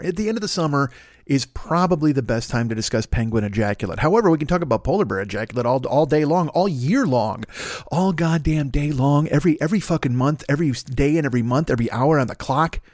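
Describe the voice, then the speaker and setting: A man hosting a podcast riffs through a profane, rambling comic monologue. His pitch sits a touch high and swings widely as he talks himself into bigger and bigger bits. The sound is close and dry, with no room around it. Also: no echo. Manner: profane, animated riffing with impressions. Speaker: podcast host.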